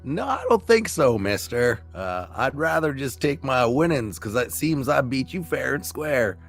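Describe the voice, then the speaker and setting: A man's voice: mid-range voice, very animated, a little slow, creaky, soft background music, pitched above the performer's own voice, heavily acted. A man voicing a drunk young gambler who speaks in a mock-polite drawl. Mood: sly.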